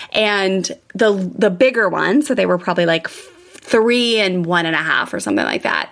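A middle-aged woman hosting a parenting show, telling stories in a chatty, animated way with lots of fillers. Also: medium pitch, creaky. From California, US. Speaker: podcast host, parenting coach. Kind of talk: casual monologue with anecdotes.

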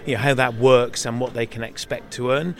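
A man's voice: medium pitch, steady tone, brisk. A man interviewing guests outdoors, friendly and chatty, often ending his questions with tag questions.

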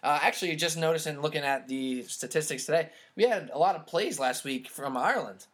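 A man's voice: fairly high pitch, fairly quick, fairly bright tone. A man hosting a casual sports podcast, leading the talk with questions and wry asides. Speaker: podcast host.

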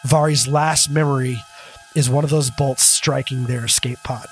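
A man serving as game master, telling the scene in a relaxed, loose way with plenty of fillers. His voice sits at a middling pitch. Faint music plays beneath the narration. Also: normal speed. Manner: casual, laughing often, loose storytelling.

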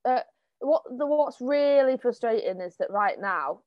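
A woman's voice: a little high, lively intonation, measured pace, no room sound, dull audio. A woman guesting as a musician in a radio chat, blunt and wry, a bit stressed. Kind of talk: casual chat.

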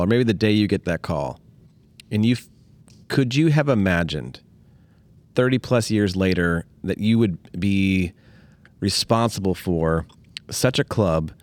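A man hosting a podcast who asks long, winding questions. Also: lowish voice. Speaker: podcast host. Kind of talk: casual interview questions.

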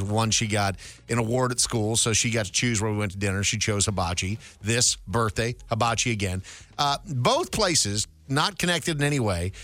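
A man's voice: medium pitch, fairly bright tone. A man co-hosting a radio talk show, telling a joking story in casual chat.

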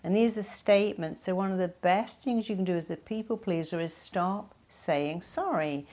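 A woman's voice: mid-range voice, moderate pace, few pauses, a little mellow. A woman hosting an advice podcast, giving listeners direct, instructive coaching. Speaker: podcast host and therapist.

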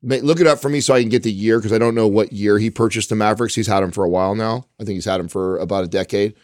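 A man co-hosting a podcast, chatting in a relaxed conversational way. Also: fairly low pitch, rapid-fire, no room sound, studio quality. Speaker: podcast co-host. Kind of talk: casual discussion.

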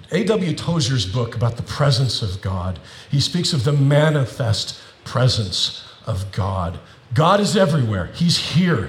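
A middle-aged male pastor giving a sermon, with animated preaching that builds to emphatic repetitions. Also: on the high side, echoey room.

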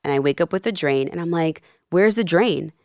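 A woman's voice: lowish voice, fairly quick, no room sound, clean studio sound. A woman in her thirties, a life coach, telling her story in a casual interview and acting out the dialogue. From Peru and New Jersey. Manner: animated, acts out quoted dialogue. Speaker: podcast guest, life coach.

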